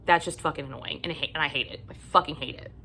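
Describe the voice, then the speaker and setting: A fed-up woman vents to her viewers in a casual, cursing rant about romance novels. Her voice sits a little low, and she talks bluntly and with exasperation, sometimes dropping almost to a hush. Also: very fast, breathy edge. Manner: blunt, profane, exasperated ranting. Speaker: book vlogger. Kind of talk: casual ranting monologue.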